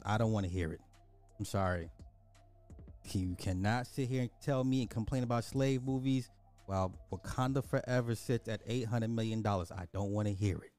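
A man's voice: lowish voice, a little mellow. A man casually reviewing a movie on a stream, talking emphatically and repeating his points for effect.

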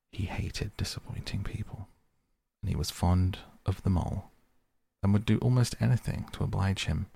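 Deep, gravelly man reading softly at bedtime. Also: dry recording. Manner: soft, slow, calm reading. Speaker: podcast host and reader. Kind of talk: soft bedtime audiobook reading.

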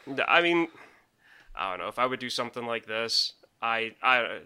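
A man's voice: mid-range voice, lively intonation, normal speed, sharp tone, smooth. A married man co-hosting a podcast, rambling casually and laughing often. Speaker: podcast co-host. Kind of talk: casual chat.

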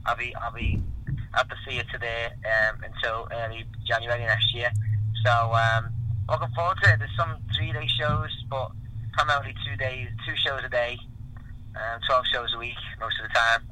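A man as a radio guest, telling stories in a relaxed way and often repeating words. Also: mid-range voice, moderate pace, noisy background. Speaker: guest performer. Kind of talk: casual chat.

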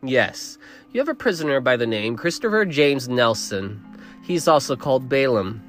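A man's voice: medium pitch, lively intonation, normal speed, a bit bright, faint music behind, close to an everyday voice. A man voicing a proud young woman with powers who speaks coldly and condescendingly. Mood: cold defiant. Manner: cold, cutting, condescending.

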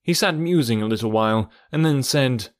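A man reading the narration of an audiobook, measured and even. His voice sits mid-range and sounds dry and close. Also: mid-range voice, no echo.

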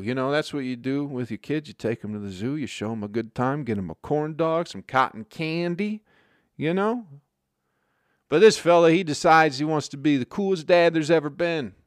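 A man rambling through a crude comedic monologue as a show host, swearing freely and dropping deadpan asides. His voice sits in a middle register. The sound is dry and close, with no room echo. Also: medium pitch. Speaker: podcast host.

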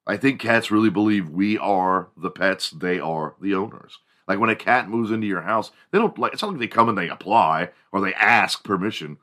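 A man hosting a podcast, telling a casual comedic monologue in a profane, animated way. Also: fairly low pitch, moderate pace, hardly any pauses. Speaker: podcast host.

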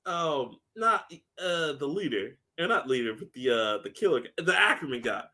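A man talking shows with a friend, his voice jumps all over the place, bright and cutting, loud and laughing, acting out every scene he tells. he keeps cutting in and talks fast and wild. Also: on the high side. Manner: loud, animated, laughing, acts out characters in quotes. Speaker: podcast co-host. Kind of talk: casual chat.

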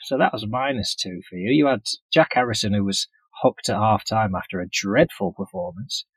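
A man's voice: lowish voice, expressive, normal speed, vocal fry, slightly rough, dry recording, low-quality recording. A man co-hosting a casual chat, talking in dry, wry banter. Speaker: podcast co-host. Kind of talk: casual chat about fantasy football.

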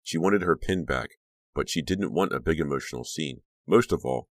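Very deep-voiced man narrating a novel. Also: expressive, moderate pace, dry recording. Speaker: audiobook narrator. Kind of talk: scripted narration.

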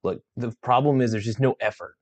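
A man's voice: medium pitch, brisk. Man, sports rant, exasperated, swearing, rambling, tired and yawning. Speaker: sports vlogger.

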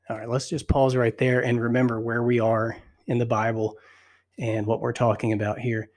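A man hosting a devotional podcast, reading scripture slowly and reflectively while still out of breath. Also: mid-range voice, steady tone, a little mellow. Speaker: podcast host.

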